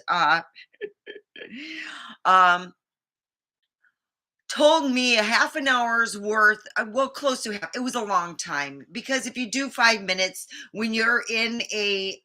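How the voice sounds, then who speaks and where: A woman's voice: mid-range voice, bright, forceful tone. A woman vlogger telling a rambling, indignant story about a doctor's visit, acting out the quotes. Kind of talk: casual monologue.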